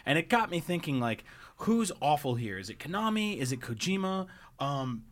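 A man hosting a casual gaming podcast, telling stories with animated, laughing delivery. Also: on the high side, normal speed. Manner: animated storytelling, laughs often. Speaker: podcast host. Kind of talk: casual chat.

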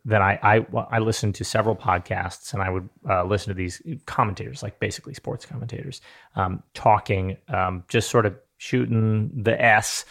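A young adult man co-hosting a podcast in casual conversation. His voice is on the low side. He rambles through his points with a wry, self-deprecating humor. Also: fairly even intonation, moderate pace, creaky, fairly bright tone. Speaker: podcast co-host. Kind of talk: casual chat.

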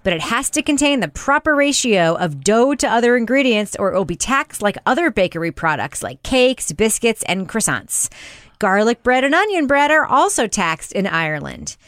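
A woman hosting a podcast panel in casual chat, brisk and jokey, laughing often. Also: a little high, very animated, fairly bright tone, no echo, clean studio sound. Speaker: podcast host.

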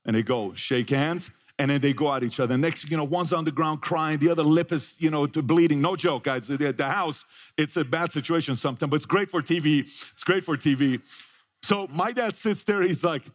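A man's voice: a little high, a little fast. A middle-aged man holds a live audience with a personal story, breaking off to ask the crowd questions. He slips into his sons' voices when he quotes them, then comes back to his own. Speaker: motivational speaker. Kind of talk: live motivational talk to an audience.

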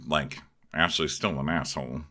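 A man's voice: rumbling low, normal speed. A man co-hosting a podcast, recapping a reality show in casual chat and mocking the people he quotes. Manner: animated, mocking quoted voices. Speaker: podcast co-host.

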